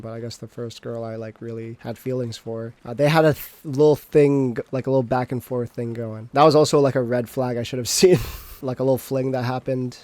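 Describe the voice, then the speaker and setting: A man's voice: mid-range voice, a little mellow, no echo. A young adult man streaming, telling a personal story in a rambling, self-mocking way with frequent restarts and swearing.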